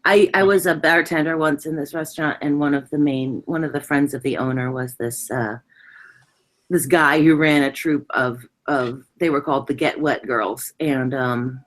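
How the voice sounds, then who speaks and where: A woman chatting casually, an animated and frank storyteller. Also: deep voice, normal speed. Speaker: guest in conversation. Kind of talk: casual chat.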